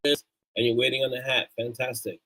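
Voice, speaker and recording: A man of middle pitch hosts a loose, off-the-cuff live stream. He talks in an easygoing, chatty way and keeps a friendly, promotional tone as he points viewers to links and thanks patrons. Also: level tone, brisk, over music, low-quality recording. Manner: chatty and upbeat, plugging links and thanking supporters; loose and off-the-cuff, with fillers and restarts. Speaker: livestream host. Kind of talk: casual live-stream chat.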